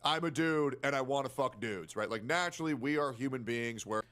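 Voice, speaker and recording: A man's voice: mid-range voice, a little fast, a bit bright. A man in a played clip, rambling through an argument and often asking "right?". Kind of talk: casual podcast argument.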